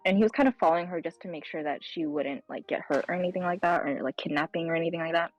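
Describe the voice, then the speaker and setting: A young woman casually telling a personal story as a guest on a stream, animated and acting out the dialogue. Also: fairly low pitch, quick pace, soft background music, poor audio. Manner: animated, acts out dialogue with lively voice changes.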